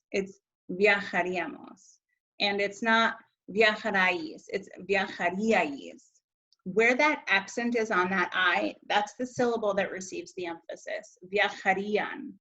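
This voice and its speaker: A woman's voice: mid-range voice, fairly bright tone, highs cut off. A woman teaching a recorded Spanish grammar lesson over slides, casual and chatty, correcting herself as she goes.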